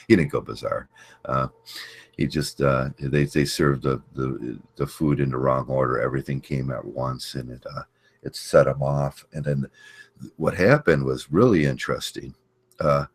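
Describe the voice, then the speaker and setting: A man hosting a casual livestream, greeting chat viewers and telling a story in a rambling, halting way with many fillers. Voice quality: very deep voice. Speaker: livestream host.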